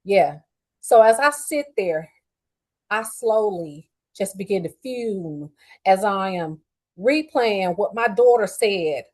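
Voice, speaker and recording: A woman's voice: medium pitch, animated, slow pace. A middle-aged woman hosting a podcast, telling a personal story in a candid, profane and heated way, upset after a day of crying. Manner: candid, profane and heated, swinging between quiet fuming and loud outbursts. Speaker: podcast host.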